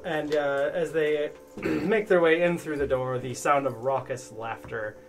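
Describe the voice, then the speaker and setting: A man's voice: a little high, unhurried, soft background music. A man running a tabletop game, narrating a rambling recap with self-corrections. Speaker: game master.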